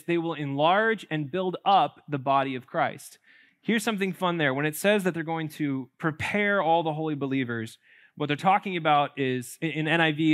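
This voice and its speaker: A pastor preaching a sermon in a church, conversational and playful, with jokes and asides to the congregation. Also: male voice, fairly high pitch, a bit bright. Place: church sanctuary.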